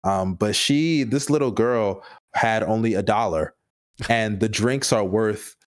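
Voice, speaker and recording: A man's voice: on the low side, a little slow. Rambling young man telling a story. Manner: rambling, loose, with many fillers and chuckles. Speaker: podcast guest. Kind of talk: casual storytelling.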